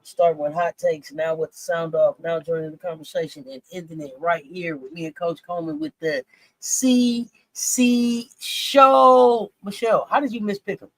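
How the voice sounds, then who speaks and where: Animated woman hosting sports talk. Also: low-pitched, quick pace, few pauses, no room sound. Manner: animated, repetitive, incredulous. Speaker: sports talk show host. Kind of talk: casual sports talk chat.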